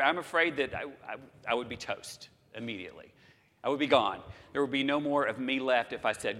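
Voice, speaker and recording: A man in his sixties delivers a sermon, reading scripture aloud and pausing for effect. His voice sits at an ordinary pitch for a man. A long reverb trails after each phrase, as in a church hall. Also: animated, a bit bright. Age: 60s. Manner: preaching with dramatic pauses, quoting scripture. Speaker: pastor.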